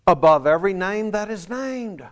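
A man preaching a sermon, asking the congregation rhetorical questions and dropping from emphatic lines to soft asides. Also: high voice, expressive, moderate pace. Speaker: pastor.

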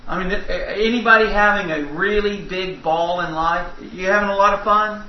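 A man's voice: sits high, moderate pace, a little hiss or hum. A middle-aged man preaching a sermon, telling folksy stories and asking the congregation questions. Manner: folksy storytelling with audience asides. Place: church sanctuary. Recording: roomy, distant, muffled church recording.

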